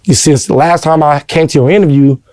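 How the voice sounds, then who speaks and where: A man's voice: a little high, quick pace, darkish tone, dry recording. A man being interviewed, telling his life story in an earnest, heartfelt way and constantly adding "you know what I'm saying.". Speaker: interview guest. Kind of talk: casual personal storytelling.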